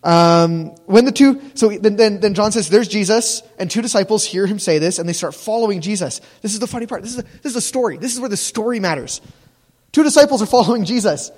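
A man's voice: sits high, animated, fast, a little mellow, in a large hall. A man preaching a casual, jokey sermon as a youth pastor, often laughing at his own lines.

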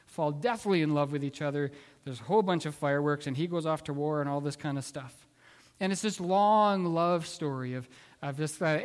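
A man preaching a sermon, telling a story in an earnest, halting way with many restarts. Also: a little high, big-room sound. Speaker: pastor.

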